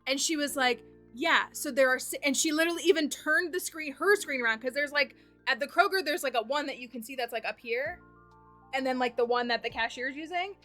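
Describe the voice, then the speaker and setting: A woman streamer telling a story in casual chat, animated and full of "like" fillers. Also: high voice, brisk, faint music behind. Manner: animated, heavy use of "like" fillers.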